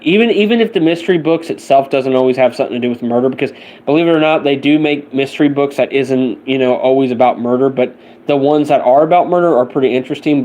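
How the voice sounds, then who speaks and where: A man's voice: medium pitch, a little mellow. Tired, rambling man on a late-night stream. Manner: rambling, halting, loose and casual. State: tired and sleepy. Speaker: livestream host. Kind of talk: late-night livestream chat.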